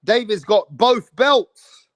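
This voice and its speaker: Brash, profane male livestream host, high voice, slow repetitive delivery, dry close sound. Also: dry recording. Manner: repeats phrases, peppered with "bro". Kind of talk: casual live commentary to a chat.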